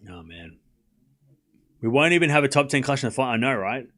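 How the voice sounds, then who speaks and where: A man's voice: medium pitch, brisk. A man hosting a live tennis watchalong stream, calling scores and joking with chat. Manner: animated, joking, reads scores aloud while chatting with viewers. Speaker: livestream tennis watchalong host. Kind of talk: casual live commentary chat.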